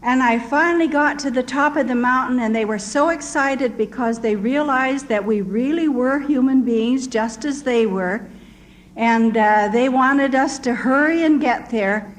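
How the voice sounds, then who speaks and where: A woman's voice: high voice, unhurried, rough recording. An older woman, a missionary, telling her story in an earnest, vivid way. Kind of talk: storytelling testimony.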